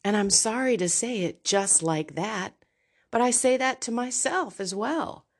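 Seated at home, a middle-aged woman with a somewhat high, animated voice hosts a Catholic podcast. Her candid faith talk comes across as frank and confessional, delivered slowly and deliberately.

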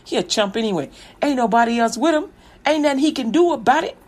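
A woman voicing a greedy, scheming male mayor who talks in loud, brash street slang. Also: on the high side, animated, fast talker.

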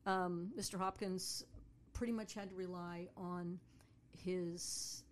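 A woman's voice: lowish voice, slow, a little hiss or hum. A woman telling a story casually, a tour guide who acts out the voices of the people in it. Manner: animated, acts out voices of people in her stories.

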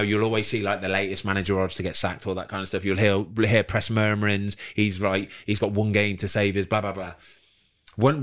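Relaxed ex-player on a podcast, chatty storyteller with a lowish voice. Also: male voice. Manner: relaxed, chatty, quick reactions. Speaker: podcast co-host, former footballer. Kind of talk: casual chat, storytelling.

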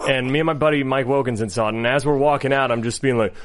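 A man's voice: medium pitch, steady tone, fast. A man co-hosting a casual movie podcast, telling stories animatedly and laughing often. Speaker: podcast co-host.

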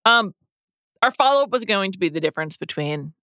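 A woman's voice: medium pitch, animated, a little fast, sharp tone, clear, resonant tone, no room sound, studio quality. A woman co-hosting a podcast, trading playful, teasing banter in casual chat. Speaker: podcast co-host.

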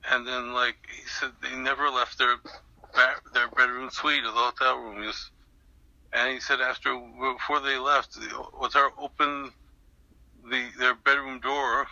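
Older man, gravelly voice, very bright tone, rambling storyteller, dry close sound. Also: medium pitch, level tone, a little slow, dry recording, lo-fi sound. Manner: rambling, full of restarts and fillers. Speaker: interviewee. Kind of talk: recounting an anecdote in an interview.

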